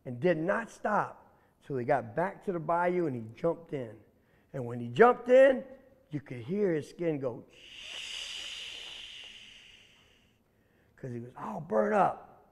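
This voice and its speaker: A man's voice: on the high side, slow pace, long pauses. Folksy storyteller man. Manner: animated, folksy, addresses listeners. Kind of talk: oral folk storytelling. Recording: long hall reverb.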